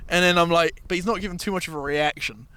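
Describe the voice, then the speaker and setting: A man with a slightly high, clear, resonant voice speaks fast as he hosts a casual podcast chat. He tells a story animatedly, swearing freely and acting out different voices.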